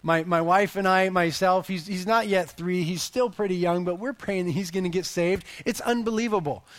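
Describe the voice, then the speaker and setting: Telling family stories from the pulpit, this thirty-something pastor speaks with animation, his high voice swelling to emphasize points. His pace is moderate.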